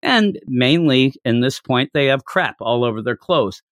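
Lively man recapping a manga chapter. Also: mid-range voice, unhurried, no echo, studio quality. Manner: animated retelling with put-on voices. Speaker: podcast host.

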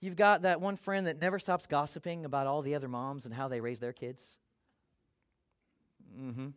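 A man's voice: fairly high pitch, steady tone, moderate pace. A man preaching a sermon as a pastor, talking conversationally and acting out quoted voices.

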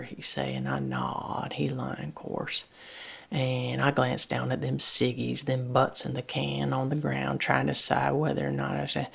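A woman telling a first-person story in dialect, plain-spoken and halting, with many restarts. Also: very deep voice, creaky, breathy edge.

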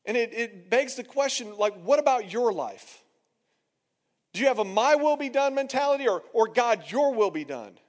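Man, pastor, conversational sermon, quotes people in their own voices, high-pitched, echoing hall. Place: church hall.

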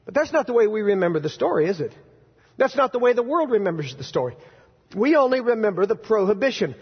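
A male pastor preaching a sermon in a church, animated and quizzing his congregation with playful sarcasm. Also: high-pitched, fast talker, slightly rough. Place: church sanctuary. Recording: dull, reverberant church hall recording.

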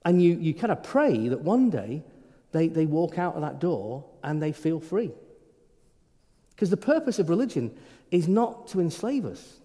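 A man's voice: on the high side, very animated, a little slow, dark tone. A middle-aged man, a priest, preaching an informal sermon in a conversational way, often stumbling and restarting his words. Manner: conversational, frequent stammered restarts. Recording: reverberant hall.

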